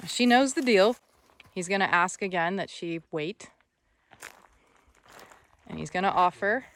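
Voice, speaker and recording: A woman's voice: lowish voice, a little slow, long pauses, a bit bright, a little hiss or hum. A woman horse trainer talking casually through her vlog outdoors on a country ranch, chatty and encouraging, thinking aloud as she goes.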